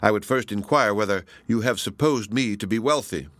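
A man reading the part of a proud, passionate woman, measured and ironic. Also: on the low side, a bit bright, no echo, clean studio sound, lightly acted. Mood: probing. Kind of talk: audiobook reading.

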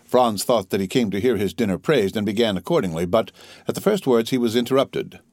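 A man narrating a classic novel as an audiobook in a steady, formal storytelling manner. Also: fairly low pitch, fairly quick, no room sound, studio quality.

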